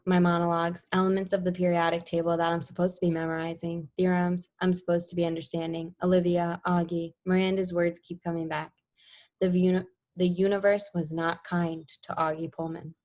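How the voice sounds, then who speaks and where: A woman's voice: lowish voice, a little mellow. A woman reading a novel aloud in the first person, voicing the dialogue plainly with small slips and restarts. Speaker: reader.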